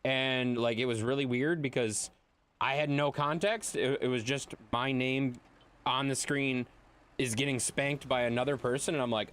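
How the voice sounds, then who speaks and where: A man's voice: medium pitch, normal speed, fairly bright tone. A young man streaming a game, ranting bluntly and profanely to his chat. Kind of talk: casual live-stream chat while gaming.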